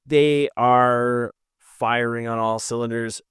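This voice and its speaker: A man's voice: medium pitch, takes it slowly, clear, resonant tone, dry recording, studio quality. A man co-hosting a podcast, chatting casually and jokingly about hockey games in long runs. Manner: animated, jokey, talks in long runs. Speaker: podcast co-host. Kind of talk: casual sports chat.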